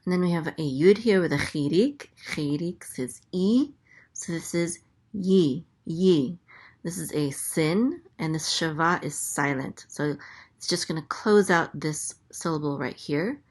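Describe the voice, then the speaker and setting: A woman with a low voice teaches at a slow, unhurried pace. She spells out sounds one at a time and repeats each syllable patiently. The delivery is careful and methodical. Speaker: Hebrew teacher. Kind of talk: slow, careful letter-by-letter lesson.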